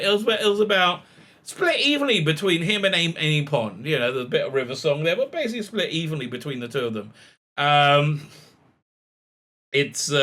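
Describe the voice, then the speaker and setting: A man's voice: on the high side, bright, forceful tone. A man giving sarcastic commentary, reading quotes aloud with lots of fillers and laughs. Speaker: commentary vlogger.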